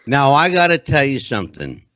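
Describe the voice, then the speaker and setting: A middle-aged man hosts an interview podcast, talking in a chatty, animated way and building up to his questions at length. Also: medium pitch, brisk, no room sound. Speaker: podcast host. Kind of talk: conversational interview hosting.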